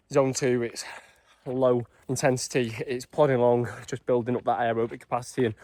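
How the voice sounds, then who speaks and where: Male vlogger, mid-pitched, casual and chatty, talks viewers through his day. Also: a little mellow. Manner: chatty, upbeat, explains as he goes. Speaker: fitness vlogger. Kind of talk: casual vlog narration.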